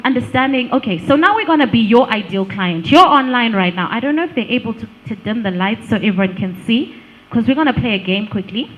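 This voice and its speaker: Lively woman giving a workshop talk. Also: on the high side, lo-fi sound. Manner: lively, engaging, asks the room questions, laughs often. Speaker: speaker on digital branding. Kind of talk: live workshop talk to an audience.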